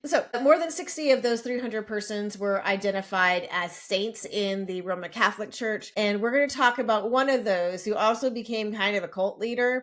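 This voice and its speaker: A woman's voice: mid-range voice, moderate pace, few pauses. A woman co-hosting a casual podcast, chatting and reading lore aloud in a self-deprecating way. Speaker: podcast co-host presenting lore. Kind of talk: casual podcast recap chat.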